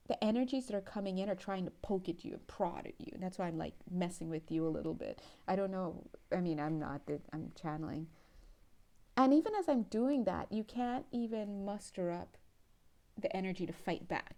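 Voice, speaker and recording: A woman with a warm, medium-pitched voice gives a pick-a-card tarot reading. She's chatty and playful, laughs often, and sounds a little tired.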